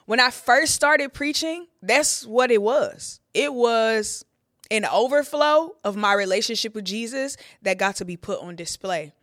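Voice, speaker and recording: A woman's voice: fairly high pitch, animated, measured pace, a bit bright, no echo, studio quality. Heartfelt woman sharing her testimony. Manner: conversational, heartfelt, with frequent "like" fillers. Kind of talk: candid personal testimony on a podcast.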